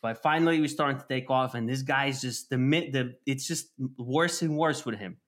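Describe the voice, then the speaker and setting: A man telling an animated, casual story, full of fillers and swearing. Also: mid-range voice, normal speed. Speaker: storyteller guest. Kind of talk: casual chat.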